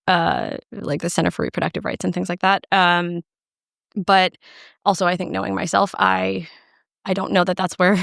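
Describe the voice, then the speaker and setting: Woman guest on a podcast, earnest and halting, a bit gravelly, dry close sound. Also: on the low side, a bit bright, no room sound. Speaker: guest, law PhD researcher. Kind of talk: podcast conversation.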